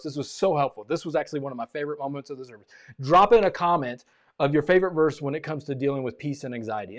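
A man preaching a sermon as pastor, animated and repeating phrases for emphasis. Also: a little high.

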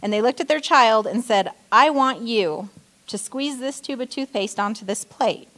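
A woman's voice: on the high side, normal speed, a bit bright. A woman giving a short sermon in church, telling a story and acting out frustrated lines. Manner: storytelling, acting out quoted outbursts. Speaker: church speaker. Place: church stage.

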